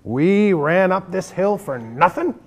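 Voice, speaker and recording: A man voicing an alarmed adult villager in a children's storybook reading, crying out loudly in a raised, much higher voice. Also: expressive, takes it slowly, full character voice. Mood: alarmed, scolding. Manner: shouting, alarmed. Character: loud anxious adult villager with a stick.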